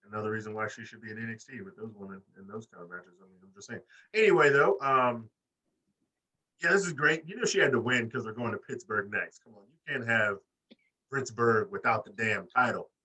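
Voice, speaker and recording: A man's voice: medium pitch, recorded from a distance, low-quality recording. A man co-hosting a casual wrestling podcast, talking animatedly and swearing freely. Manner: animated, swearing, mimics wrestlers in put-on voices. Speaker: podcast co-host. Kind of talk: casual chat.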